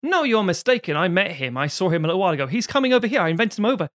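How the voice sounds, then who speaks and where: A man voicing a cheerful, happy-go-lucky village husband with a bright, bouncy, raised voice. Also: sits high, big pitch swings, rapid-fire, no echo, studio quality, pitched above the performer's own voice. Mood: excited.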